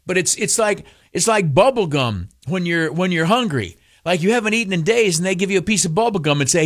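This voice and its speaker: A man's voice: high-pitched, animated, fairly quick, few pauses. A male talk radio host riffing through a loose opinion monologue. He rambles and stumbles over his words, piling on fillers and restarts, with a mocking, sarcastic edge.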